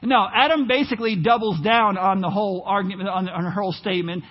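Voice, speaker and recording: Man, pastor, sermon in church, raised high voice, muffled recording. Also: brisk, hardly any pauses, breathy edge. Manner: animated preaching, rising to near-shouts.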